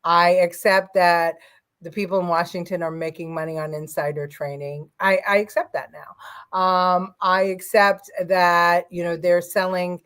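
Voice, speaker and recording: A woman's voice: fairly low pitch, flat delivery, measured pace, fairly bright tone, clean tone. Opinionated middle-aged woman co-hosting. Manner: opinionated, rambling, many fillers. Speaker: co-host of a political livestream. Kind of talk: casual political chat.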